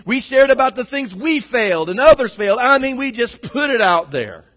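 High-voiced preacher man in echoing hall. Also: very animated, normal speed. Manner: dramatic swings from shouting to hushed. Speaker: pastor. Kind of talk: sermon. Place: church sanctuary. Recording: long reverb of a large hall.

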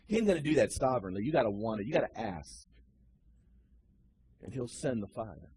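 A male pastor preaching a sermon, dropping low and quiet to tell a story, then rising to loud, high cries. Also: lively intonation, a little fast, long pauses, husky.

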